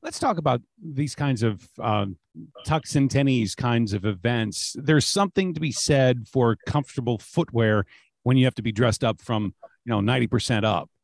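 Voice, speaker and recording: A man hosting a radio interview, asking measured, conversational questions. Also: mid-range voice, dry recording. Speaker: radio host.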